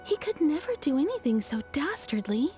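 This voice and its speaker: A woman's voice: high-pitched, big pitch swings, normal speed. A woman voicing a cheerful townswoman in a video game, telling a story in a chatty, amused way. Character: cheerful townswoman, kimono maker, amused and frank. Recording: game dialogue over music.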